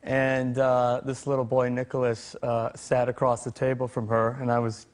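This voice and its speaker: A man who is a talk show guest, telling an anecdote in an unhurried, hesitant way. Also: medium pitch, completely flat delivery. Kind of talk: casual anecdote.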